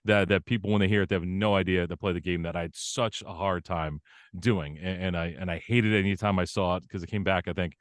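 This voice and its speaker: A man being interviewed about his voice acting work, telling stories animatedly with frequent laughter and quick jumps into a higher showman voice. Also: dry recording, clean studio sound. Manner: animated storyteller, laughs often, bursts into a higher showman voice for quotes. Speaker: voice actor guest. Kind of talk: casual interview chat.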